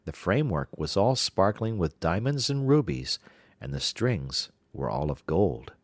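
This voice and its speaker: A man giving scripted narration of a fairy-tale audiobook in an even, measured way. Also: deep voice, breathy edge, no echo.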